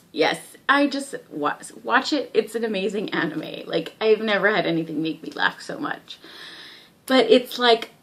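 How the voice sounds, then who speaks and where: Giggly young woman reviewing anime. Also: mid-range voice. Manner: excitable, giggly, lots of "like" fillers. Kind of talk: casual vlog review.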